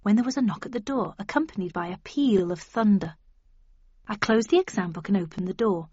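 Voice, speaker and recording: A woman reading a first-person story aloud as an audiobook narrator, expressive, in a dull, dry recording. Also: medium pitch, a little fast, husky, no room sound.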